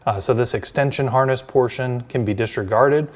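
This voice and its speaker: A man giving a relaxed step-by-step installation demonstration in a workshop, talking as he works with plenty of ums and uhs. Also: medium pitch, moderate pace, slight background noise. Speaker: installation instructor.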